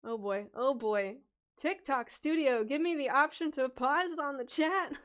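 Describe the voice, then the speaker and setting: A woman's voice: high-pitched, measured pace, a bit bright. A woman hosting a casual livestream and reading viewer names aloud from chat. She giggles often, gets distracted and stumbles over names as she scrolls. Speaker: livestream host and storytelling bard.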